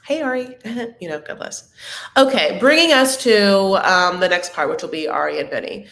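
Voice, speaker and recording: A woman's voice: mid-range voice, animated, normal speed, a bit bright, roomy sound. A woman hosting a casual live recap chat, rambling and candid, with lots of tangents and filler words. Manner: rambling, chatty, full of "like" and tangents. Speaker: host of a reality TV recap show.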